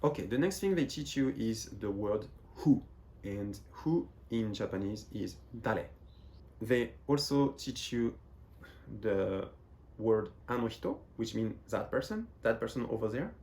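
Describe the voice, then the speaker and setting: A man's voice: lowish voice, animated, a little slow, a little mellow. A man from France, a Japanese teacher, patiently explaining a beginner lesson and often repeating phrases as he goes.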